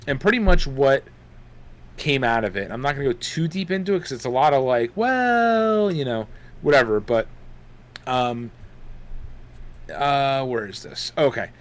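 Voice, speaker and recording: A man's voice: mid-range voice, expressive, measured pace, long pauses. A young man co-hosting a casual gaming podcast, rambling with lots of fillers while chewing gum. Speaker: podcast co-host.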